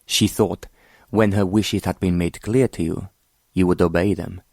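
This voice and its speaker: A scheming prince, arrogant and cold, sneering at his captive in a very deep, low voice, as a man reads him. The delivery is mocking and condescending, recorded close and dry. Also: steady tone, a little slow, a little mellow, dry recording.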